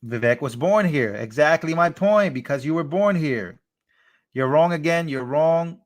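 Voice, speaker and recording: A man's voice: on the high side, expressive, a little slow. A young man hosting a live stream, chatting casually, reading out chat messages and thanking donors.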